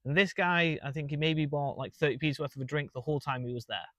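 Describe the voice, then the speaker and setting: Young manchester guy, lively storyteller, kinda high voice, dry close mic. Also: fast talker, dry recording. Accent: Mancunian English. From England. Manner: animated, laughing storyteller. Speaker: guest comedian. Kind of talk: casual storytelling.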